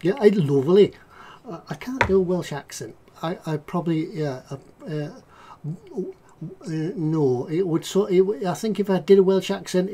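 Mellow-voiced man, rambling chat. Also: sits high, breathy edge. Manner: rambling, jokey, chatty. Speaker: livestream host, model maker. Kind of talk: casual livestream chat.

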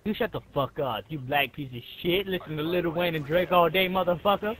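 A man's voice: a little high, fairly quick, a bit bright, a little hiss or hum, low-quality recording. A man taunting other players over online game voice chat, goading and mocking them again and again through a gaming headset. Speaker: online game trash-talker.

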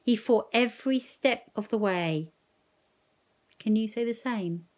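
Woman reading as a gentle, firm grandmother. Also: fairly high pitch, a little slow, voice pushed up, lightly acted. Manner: earnest, coaxing, emphatic. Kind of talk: reading a novel aloud.

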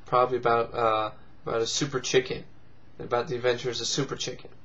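A man's voice: mid-range voice, level tone, fast talker, fairly bright tone, muffled recording. A man hosting a video blog, giving sarcastic, profane comic commentary and mocking things in squealed put-on voices. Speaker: vlog host. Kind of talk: casual comedic commentary.

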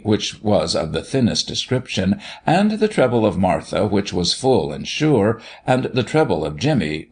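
Male audiobook reader, low gravelly voice, lively, expressive storybook narration.

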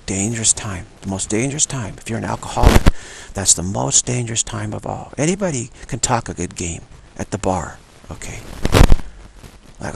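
A low, gravelly male voice wanders through an informal spiritual talk and slips into acted-out dialogues. Loud noise runs under everything. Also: lively intonation, normal speed. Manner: rambling, acts out dialogues. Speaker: spiritual teacher.

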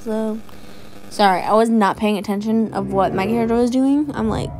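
A woman's voice: medium pitch, fairly even intonation, moderate pace, darkish tone, slight background noise. A young woman chatting casually as she plays and talks about a video game, rambling and giggly, breaking into squeals and sing-song sounds. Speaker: gaming vlogger. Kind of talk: casual chat over gameplay.

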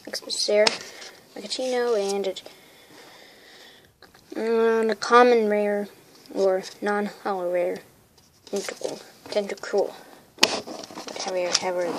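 A woman casually opening trading card packs, listing the cards and getting excited over good pulls. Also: mid-range voice. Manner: excitable, lists card names. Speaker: card pack opener. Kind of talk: casual unboxing chat. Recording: crinkling wrappers and noise behind.

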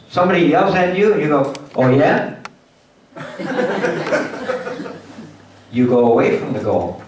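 A man's voice: a little high, distant mic, slight background noise. Man lecturing in an echoey hall. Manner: lively, acts out little scenes for the audience. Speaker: guest speaker at a symposium. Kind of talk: motivational lecture.

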